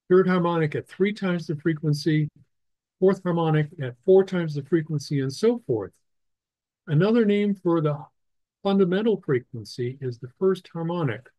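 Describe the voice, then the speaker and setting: A man teaching a ham radio licensing class over slides, explaining slowly with many restarts and fillers. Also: fairly high pitch, expressive, mellow, no room sound, low-quality recording. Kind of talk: technical lecture over slides.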